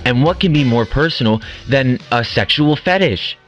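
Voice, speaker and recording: A man's voice: mid-range voice, expressive, normal speed, muffled recording, faint music behind, close to an everyday voice. A man voicing a flirty female singer contestant in a comedic audio drama, giggling through her guess.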